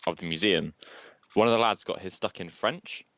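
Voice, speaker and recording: A man co-hosting a podcast, telling self-mocking stories in a casual, animated way and swearing freely. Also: low voice, normal speed, creaky, no room sound. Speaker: podcast co-host. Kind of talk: casual chat.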